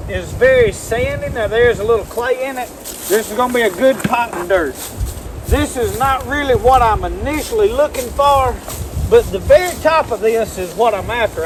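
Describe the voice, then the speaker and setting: Out in the woods, a man vlogs into a handheld camera mic, rambling in a folksy way through a casual demonstration for the viewer. His voice is very high, his pace moderate, and background noise comes through.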